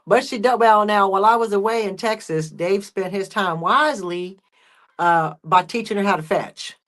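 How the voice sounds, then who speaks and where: A woman's voice: mid-range voice, moderate pace. A woman chatting casually as a guest, telling stories and voicing her pets and neighbors. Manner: chatty storyteller, acts out pets and people in hushed voices. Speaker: guest friend. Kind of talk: casual live chat.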